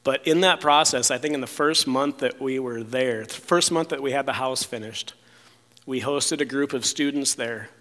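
A man shares a personal testimony in casual speech, rambling with many fillers and restarts and sometimes acting out what others said. His mid-range voice runs at normal speed, a bit bright, with a big-room sound.

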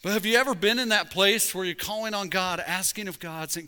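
A man preaching a sermon as pastor, conversational with jokes, rising to loud emphasis at points. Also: sits high, brisk, clear, resonant tone. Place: church sanctuary. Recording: reverberant church sanctuary.

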